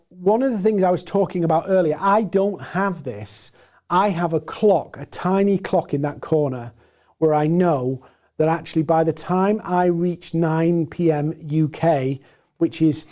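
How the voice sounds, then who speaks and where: A man with a gruff, hoarse voice presenting a live webinar, animated and deliberate, moving between loud points and quiet pauses. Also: a little high. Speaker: webinar presenter and sales trainer.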